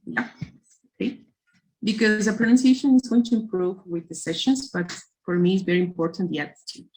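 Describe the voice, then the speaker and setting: A woman's voice: medium pitch, a little mellow, a little hiss or hum, rough recording. A woman whose first language is Spanish, teaching an English class and giving instructions, repeating herself and checking in with "okay". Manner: slow, repetitive explaining with frequent "okay".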